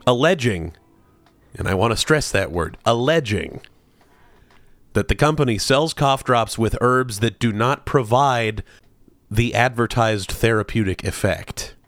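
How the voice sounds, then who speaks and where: A man co-hosting a comedy podcast, reading a sponsor spot with playful mock-earnest delivery and drawn-out words. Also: mid-range voice, fairly bright tone, dry recording, soft background music. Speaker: podcast co-host.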